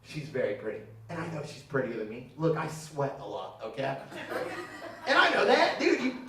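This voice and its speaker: A man's voice: mid-range voice, wildly swooping pitch, normal speed, a bit bright. A man in his thirties doing a brash, profane stand-up set and teasing the crowd, recorded on a comedy theater stage. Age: 30s. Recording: echoey room, mic from a distance.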